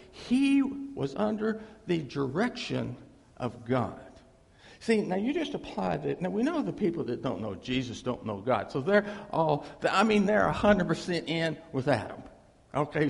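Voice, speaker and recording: Animated preacher in a reverberant hall. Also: male voice, a little high, creaky. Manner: folksy, animated, acts out dialogue, chuckles often. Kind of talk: informal sermon.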